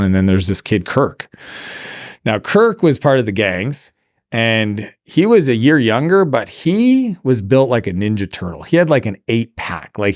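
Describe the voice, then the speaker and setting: Low-ish guy from canada telling a long story, lots of "like", dry close sound. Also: no echo. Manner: conversational, many filler "like"s, trails off and restarts. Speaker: podcast guest. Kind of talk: storytelling in a casual interview.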